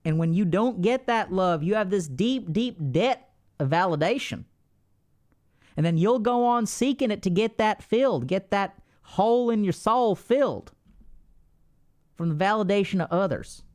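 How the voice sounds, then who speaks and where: A folksy Texan drawler, as a man puts him on. He spins homespun advice, low and unhurried. The pitch still swings widely under the drawl. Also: lively intonation, a little mellow. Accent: put-on Texan drawl.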